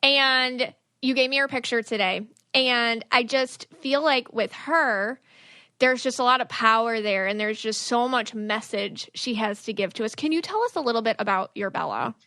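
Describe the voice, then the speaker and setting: Bright, animated woman podcast host. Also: on the high side, normal speed, no echo, clean studio sound. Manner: animated, acts out quoted dialogue, laughs often. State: getting emotional. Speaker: podcast host, aura reader. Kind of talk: casual interview chat.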